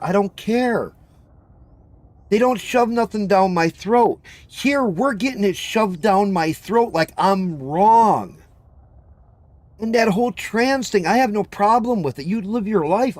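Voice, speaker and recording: A man's voice: sits high, no room sound. A man hosting a livestream chat, ranting bluntly and repetitively with profanity. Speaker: livestream host. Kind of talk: heated open chat.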